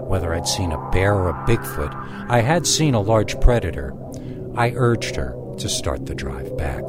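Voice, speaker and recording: A man narrating a first-person horror story in a lively storytelling manner. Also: low voice, normal speed, loud music behind the voice. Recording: constant background noise.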